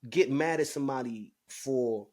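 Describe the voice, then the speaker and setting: A man co-hosting a podcast, telling a story in casual chat, swearing freely and with lively delivery. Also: mid-range voice, moderate pace. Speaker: podcast co-host.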